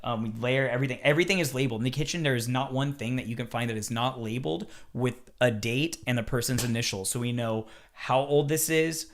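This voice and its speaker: Speaking quickly with hardly any pauses, this chef tells lively podcast stories at a medium pitch. He keeps things casual, swears freely, and performs the lines he quotes.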